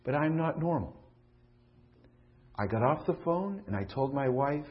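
A middle-aged man preaching a sermon as a pastor, moving from loud pleading questions to hushed, confiding tones. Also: a little high, big pitch swings, normal speed, pauses often. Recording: dull lo-fi recording.

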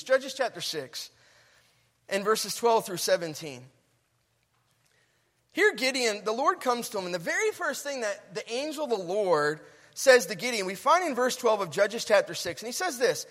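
A male preacher delivers an earnest, animated sermon, stopping to read scripture aloud. His voice sits unusually high and swings widely in pitch. The sound carries the long reverb of a large hall.

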